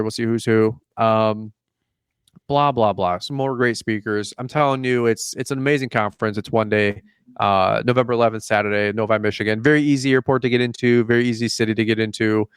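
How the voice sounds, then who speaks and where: A smooth, medium-pitched male voice with fairly even intonation moves at a quick pace, captured at studio quality without echo. Hosting a casual podcast, he laughs a lot and acts out both sides of the exchanges in his stories.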